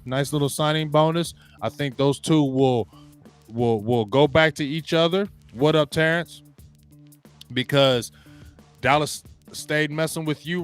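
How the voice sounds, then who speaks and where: A man hosting a live sports talk stream, loud and emphatic, ranting and greeting viewers in the chat. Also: medium pitch, moderate pace, faint music behind. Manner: trash-talking, loud and emphatic, greets chatters. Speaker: sports show host.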